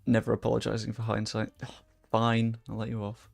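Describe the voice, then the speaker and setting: A young man casually commentating a livestream while he plays, chatty, swearing freely and reacting loudly to the game. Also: fairly low pitch, completely flat delivery, brisk, creaky. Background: faint background music.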